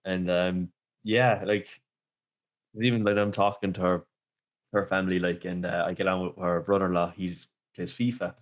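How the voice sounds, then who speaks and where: A man's voice: sits low, little pitch movement, moderate pace, dull audio. A man hosting a podcast, telling rambling stories in casual chat and laughing often. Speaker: podcast host.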